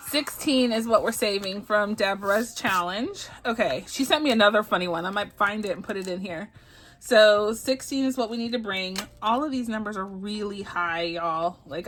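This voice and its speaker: A woman's voice: mid-range voice, fairly bright tone, slight background noise. A woman from Texas chatting casually and giggling as she counts up her savings challenge sums aloud on her budgeting channel. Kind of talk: casual chat while doing savings challenges.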